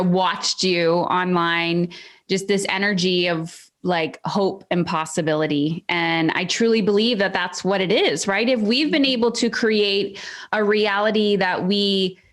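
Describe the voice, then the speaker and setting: A woman with a mid-range voice hosts a podcast conversation. She asks questions thoughtfully and encouragingly, often filling pauses with "like" and "um.". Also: mid-range voice, steady tone, a bit bright. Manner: reflective, encouraging, many fillers like "like" and "um". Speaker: podcast host. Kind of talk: casual podcast interview.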